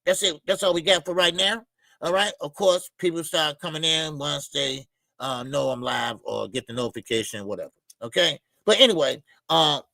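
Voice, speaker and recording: A man's voice: fairly high pitch, creaky, no echo. A man hosting a casual boxing livestream, laid-back and chatty, greeting viewers by name and laughing often. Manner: loose, shout-outs to chat, laughs often.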